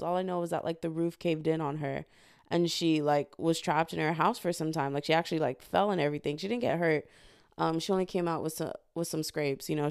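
A young woman from the United States, hosting a solo podcast and telling stories in an animated, chatty way full of profanity. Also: low-pitched, gravelly, clean tone, dry recording, clean studio sound. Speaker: podcast host. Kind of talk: casual solo podcast storytelling.

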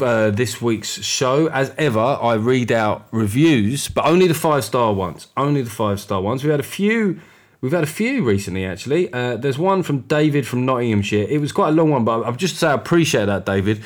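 Brief: middle-aged male host, candid and sweary, loose monologue, mid-pitched. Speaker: podcast host. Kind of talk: casual monologue.

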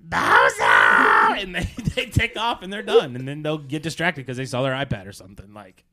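A man's voice: mid-range voice, fairly quick. A man from Texas, a DJ and comedian, telling stories with lots of laughter as a podcast guest. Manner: lively storyteller who laughs often. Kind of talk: casual chat, storytelling.

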